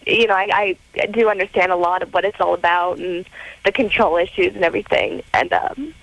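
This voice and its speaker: Hesitant young woman caller with creaky voice. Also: lowish voice, fairly even intonation, fairly bright tone, no room sound, rough recording. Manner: hesitant, many pauses. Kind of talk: call-in radio conversation.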